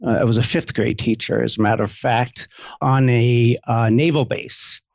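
A middle-aged man talks through his path in an easygoing, reflective way, with a rough, gravelly texture in his voice. The recording is slightly dull and lo-fi but dry and close, with no room sound. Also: mid-range voice, steady tone, normal speed, darkish tone, no echo. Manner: reflective, storytelling, easygoing with light chuckles. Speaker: couples therapist, guest. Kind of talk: casual interview chat.

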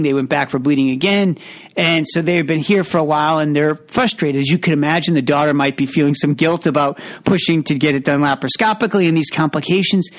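A man who works as a surgeon, explaining a communication method in a measured, earnest way. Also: fairly high pitch. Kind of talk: teaching conversation.

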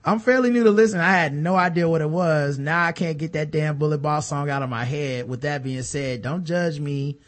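A man co-hosting a podcast, chatting casually and reading listener emails aloud with low muttered asides. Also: moderate pace, few pauses. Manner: laid-back, drops into a low mutter for asides, reads letters aloud. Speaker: podcast co-host.

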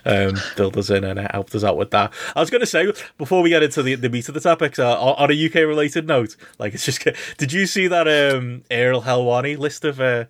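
A man hosting a casual podcast chat, animated and mocking, often laughing and swearing. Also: medium pitch, a little fast, few pauses, dry recording. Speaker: podcast host.

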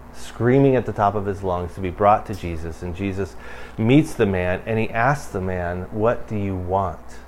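This pastor's sermon is conversational, with slight background noise, moving from emphatic bursts down to something low and quiet.

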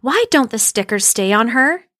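A woman's voice: fairly high pitch, animated, normal speed, fairly bright tone, dry recording, clean studio sound, voice pushed up. A woman doing a timid little wooden puppet boy. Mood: wondering. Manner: unsure, pleading.

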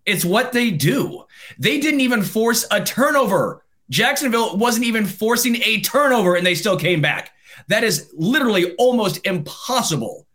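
A man co-hosting a casual sports podcast, reading sponsor ads at speed and ranting with animation. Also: sits high. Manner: rapid-fire ad reads, animated ranting. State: winded. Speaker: podcast co-host.

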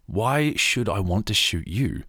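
A man with an Australian accent voicing a bold young male outlaw in his own voice, a little higher and louder. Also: lively intonation, a little slow, breathy edge, no room sound, clean studio sound, full character voice. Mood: bold, scornful.

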